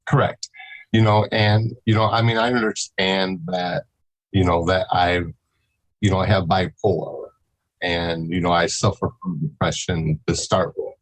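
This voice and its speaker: A man speaking as a podcast guest in casual, halting talk, full of fillers and pauses. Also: sits low, steady tone, low-quality recording. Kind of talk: casual interview chat.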